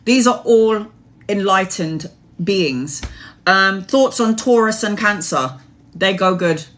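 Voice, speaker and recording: A woman's voice: mid-range voice, expressive, slow pace, a bit bright. A woman reading tarot on a live stream, answering chat questions in a rambling, earnest way. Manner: rambling, earnest, advice-giving. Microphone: phone or webcam live stream.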